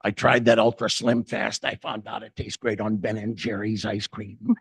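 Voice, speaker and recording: Gravelly older man telling heartfelt stories. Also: fairly low pitch, moderate pace, no room sound. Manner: animated storyteller, jokes and acted quotes. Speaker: speaker. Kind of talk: inspirational talk with stories.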